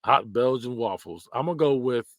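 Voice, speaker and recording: A man's voice: medium pitch, normal speed, no room sound. Guy doing casual tier list commentary, laughs a lot, blunt slangy talk, dry room. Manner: animated, laughs often, repeats phrases in mock voices. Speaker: podcast host.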